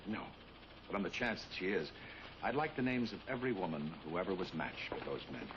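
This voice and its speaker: A dry-witted professor. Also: male voice, sits low, very animated, a little fast. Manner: dry, polite, firm. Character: calm, dry-witted professor assisting police. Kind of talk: 1960s TV drama acting. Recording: dull old TV soundtrack, hiss.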